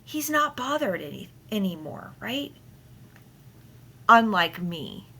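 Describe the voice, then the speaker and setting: A woman's voice: medium pitch, sing-song, slow, gravelly, bright, forceful tone, slightly rough. A woman teacher reading a play aloud at home and explaining it to her class, with playful, chatty asides. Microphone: computer mic on a screen recording.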